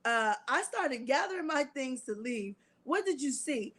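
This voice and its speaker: A woman's voice: high voice, animated, unhurried, fairly bright tone. A woman reading court testimony aloud on camera and commenting on it to her viewers in a casual, chatty way. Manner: breaks into laughter while reading, talks to viewers as y'all; prays aloud for composure. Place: at home, alone on camera.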